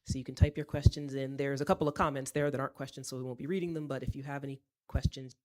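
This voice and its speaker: A woman's voice: extremely low pitch, steady tone, rapid-fire, a little mellow, a little hiss or hum. A woman moderating a public talk, making offhand, chatty announcements to the audience. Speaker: event moderator. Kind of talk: casual announcements.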